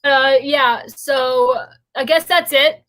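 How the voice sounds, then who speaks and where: A woman's voice: sits high, fairly even intonation, takes it slowly, fairly bright tone, rough recording. A young woman hosting a casual livestream chat, rambling and chatty as she drifts off on tangents. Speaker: host.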